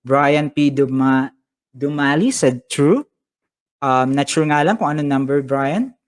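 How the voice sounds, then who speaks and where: A man's voice: a little high, measured pace. Upbeat Filipino man teaching a live science class. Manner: upbeat, reads viewer comments aloud, mixes English with Tagalog. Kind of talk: live-streamed online lesson.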